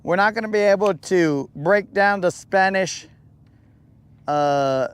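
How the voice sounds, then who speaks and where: A man hosting a casual fishing podcast, talking in a lively, slangy way and acting out the voices he quotes. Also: high-pitched, slow pace, clear, resonant tone. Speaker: podcast host. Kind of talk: casual chat. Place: boat on a lake.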